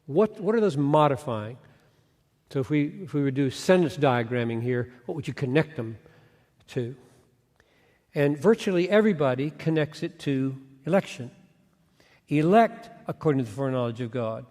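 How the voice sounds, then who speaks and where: A man's voice: fairly high pitch, lively intonation, normal speed, a little mellow. A man giving an earnest Bible teaching lecture, asking rhetorical questions and restarting phrases as he thinks aloud. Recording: long hall reverb.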